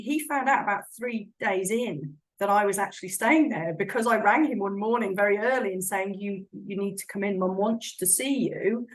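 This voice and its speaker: A middle-aged woman hosts a conversation in a gentle, attentive manner. Her voice sits at an ordinary middle pitch, calm and sincere. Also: poor audio. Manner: gentle, attentive, quietly affirming. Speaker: podcast host. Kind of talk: casual conversational interview.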